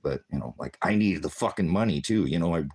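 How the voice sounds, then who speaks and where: Older man, low voice, bitter profane vlog rant, tired and worn down. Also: expressive, quick pace, breathy edge. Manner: profane, bitter, swinging between shouting and muttering. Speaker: vlogger. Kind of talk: angry personal rant.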